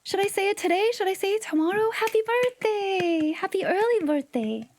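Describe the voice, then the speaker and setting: A woman's voice: very high-pitched, sing-song, fast talker, darkish tone, no echo. A woman livestreamer chatting casually with her viewers, playful and teasing, sometimes dropping into whispered asides. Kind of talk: casual live-stream chat with viewers.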